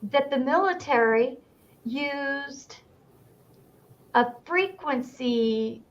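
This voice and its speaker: An older woman hosts a casual interview, speaking very slowly and pausing as she searches for words. Her voice sits fairly high, and the sound is dull and lo-fi. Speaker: host.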